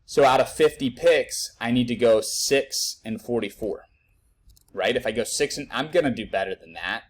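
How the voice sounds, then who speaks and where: Brief: young man, blunt and profane, casual live betting talk, mid-pitched voice. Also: normal speed. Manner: blunt, profane, thinks aloud with numbers. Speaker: sports betting tipster.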